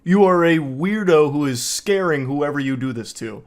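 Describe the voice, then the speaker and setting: A man's voice: a little high, lively intonation, moderate pace, darkish tone. Sarcastic man reacting to clips. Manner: sarcastic, mocking. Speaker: commentary host. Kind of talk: reaction commentary.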